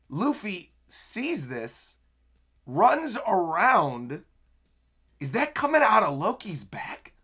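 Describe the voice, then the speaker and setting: Guy streaming a manga chapter reaction, high voice that jumps all over the place, gets super hyped and stacks up wows. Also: slightly rough. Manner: excitable, breaks into stacked exclamations; narrates panels while reading aloud. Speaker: anime streamer.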